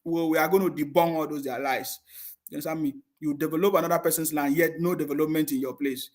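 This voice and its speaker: Scornful high-voiced man ranting. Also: fairly even intonation, fast. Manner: mocking, scornful, laughs often. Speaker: live stream host reading viewer comments. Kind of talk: heated live stream rant.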